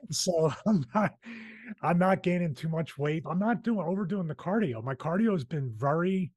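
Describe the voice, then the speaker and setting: A man's voice: fairly high pitch, expressive, moderate pace, darkish tone, no echo. A man with a Philadelphia accent hosting a fitness podcast, chatting casually in a rambling, self-deprecating way. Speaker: podcast host. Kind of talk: casual chat.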